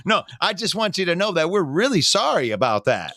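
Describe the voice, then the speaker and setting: A man's voice: a little high, sing-song, normal speed, hardly any pauses, bright, forceful tone, no echo, clean studio sound. A man hosting a casual sports podcast, laid-back and slangy, laughing often. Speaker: podcast host.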